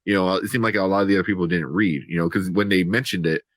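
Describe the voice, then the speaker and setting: A man's voice: low-pitched, rapid-fire, no echo. Rambling man reviewing a movie. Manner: rambling, lots of fillers and quoted dialogue. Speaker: podcast co-host. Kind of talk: casual movie review chat.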